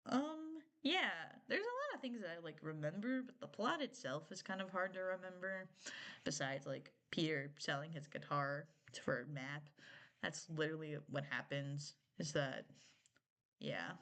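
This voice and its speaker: Young woman streamer rambling and giggling, super lively up-and-down voice. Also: deep voice, normal speed. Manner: giggly, rambling, many filler words. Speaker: streamer reviewing a TV show. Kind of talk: casual live-stream chat.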